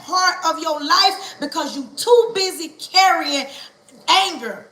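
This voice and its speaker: A woman preaching a livestream sermon, calling on listeners to say ouch, with a church cadence that stretches words and builds to shouting. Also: extremely high pitch, slow pace, reverberant, rough recording.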